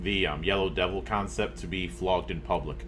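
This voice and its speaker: Man, lower voice, laid-back gaming podcast host, wry asides, faint background noise. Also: steady tone, normal speed. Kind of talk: casual gaming chat.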